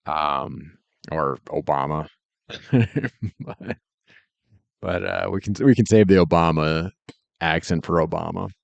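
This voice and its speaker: With a deep voice, vocal fry, and long pauses, this man takes his time as he rambles casually during a work stream, laughing lightly as he goes. The audio is dull, with no room sound.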